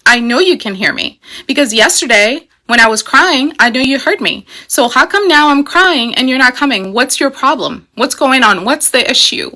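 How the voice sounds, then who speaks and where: A woman voicing a demanding, impatient crying infant who fires off rapid, indignant questions. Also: sits high, expressive, sharp tone.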